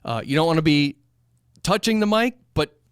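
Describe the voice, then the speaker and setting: A man's voice: on the high side, animated, moderate pace, clean tone, no room sound. A man who runs a recording studio explains microphone technique in a loose, rambling talk to camera, with fillers, restarts and moments of moving toward and away from the mic. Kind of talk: casual instructional talk to camera. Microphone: studio microphone at a few inches, sometimes pulled far off.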